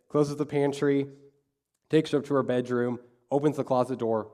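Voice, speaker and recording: A man's voice: medium pitch, level tone, moderate pace, dark tone. A male pastor preaching a sermon, telling a story and acting out the quoted dialogue.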